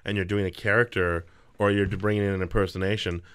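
A man's voice: low voice, flat delivery, quick pace, clear, resonant tone. A man who does stand-up comedy, chatting in an easygoing way on a radio show and laughing along. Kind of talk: casual radio interview chat.

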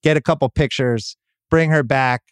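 A man's voice: mid-range voice, moderate pace, smooth, no room sound. A middle-aged man hosting a podcast, telling a wry, self-mocking family story in casual chat. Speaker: podcast host.

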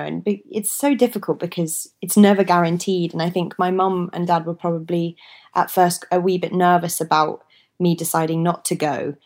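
Young woman, guest on an interview, chatty, laughs a lot, lowish voice. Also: a little mellow. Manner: chatty, laughs often, many hedging fillers. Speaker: actress, guest. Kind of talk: casual interview chat.

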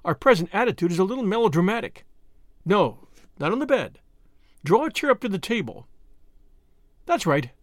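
Plucky young woman, read by a guy, way up high and lively. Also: moderate pace, long pauses, dry recording, clean studio sound. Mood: cool. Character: spirited, quick-witted young woman.

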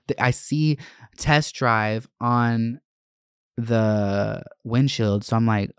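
A man telling a storytime rant to his followers, casual and profane, with quick jumps up in pitch. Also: clear, resonant tone, no room sound, clean studio sound. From Atlanta area. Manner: profane, animated, quick bursts of rising pitch. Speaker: content creator.

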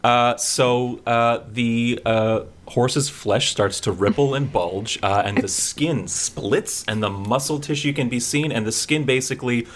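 A man playing in a tabletop game, describing actions with many pauses and fillers. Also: medium pitch. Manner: hesitant, many fillers, laughs easily. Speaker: player. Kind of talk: casual chat at a tabletop game.

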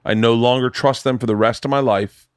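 A man hosting a podcast in a casual chat from his home studio, telling loud, profane stories and acting out the people in them. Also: medium pitch, fairly even intonation, brisk, clean tone, no room sound. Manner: loud, profane storytelling with acted-out quotes. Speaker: podcast host.

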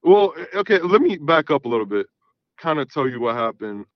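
A man's voice: a little high, sing-song, fairly quick, dry recording, highs cut off. Man in his thirties telling a rambling story. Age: 30s. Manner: rambling, repeats "you know what I mean". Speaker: guest. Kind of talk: casual storytelling.

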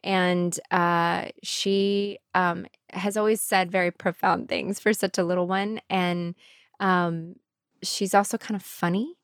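A woman's voice: fairly low pitch, slow pace, smooth, dry recording, clean studio sound. A woman hosting a podcast, telling a spooky personal story in casual chat, acting out quotes, with lots of fillers. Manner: animated storyteller, acts out quotes; many fillers, 'like' and 'um'. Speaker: podcast host.

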